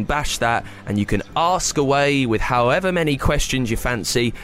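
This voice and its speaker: This host of a kids' science podcast has a medium-pitched, slightly gravelly voice. He makes his explanations playful and speaks directly to his young audience.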